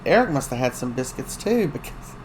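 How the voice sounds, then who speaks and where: A talkative host recaps a soap opera's week in loose, gossipy chat, full of ums and uhs and quick acted-out lines from the characters. The voice sits at a middling pitch. A faint hum runs underneath. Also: sing-song, a little mellow, rough recording. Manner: chatty, gossipy storytelling with many fillers.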